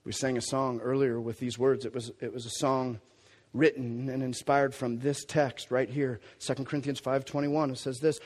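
A male pastor preaching a sermon in a conversational, impassioned way, swinging between hushed and loud. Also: medium pitch, normal speed.

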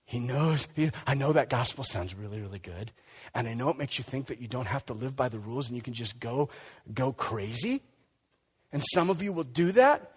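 A man preaching a sermon in an emphatic, conversational way, swinging between loud and quiet. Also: mid-range voice, animated, a little fast, slightly rough. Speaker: pastor. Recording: long hall reverb.

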